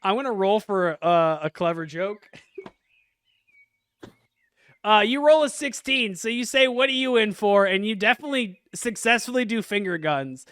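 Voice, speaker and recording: A man's voice: high voice, expressive, moderate pace, long pauses, a bit bright, clean tone, no echo. A man narrating as game master in a laid-back, chuckling way, with many fillers. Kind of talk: narrating a casual tabletop game.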